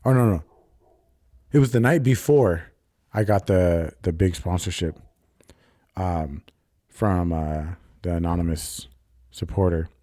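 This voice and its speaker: Low, dark-voiced young man rambling. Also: measured pace, long pauses, no room sound, studio quality. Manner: rambling, profane, confessional storytelling. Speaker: podcast host. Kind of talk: casual solo podcast monologue.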